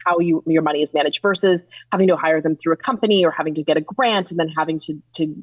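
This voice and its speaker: A woman from Canada speaking on a panel, earnest and explanatory, with halting restarts. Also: sits low, no echo. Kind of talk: panel discussion. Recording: slightly muffled dry recording.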